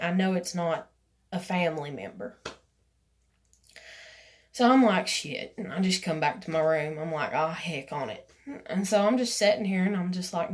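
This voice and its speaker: Rambling woman telling her story. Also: on the low side. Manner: rambling, full of "you know" and "like", acts out others' lines. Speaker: vlogger. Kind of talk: casual personal storytelling.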